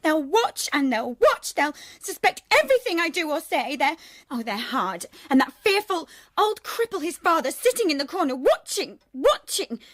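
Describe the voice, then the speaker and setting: Brief: rebellious young daughter, very high, lively voice, sarcastic and defiant. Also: female voice, normal speed. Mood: desperate. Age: young adult. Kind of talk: radio drama acting.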